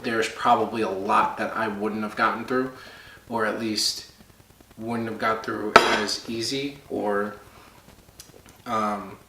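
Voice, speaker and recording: A young man talking earnestly and haltingly with many pauses, as a guest on his wife's vlog. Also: lowish voice, pushed and bright, recorded from a distance. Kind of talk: casual chat. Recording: echoey room, off-mic, faint hiss.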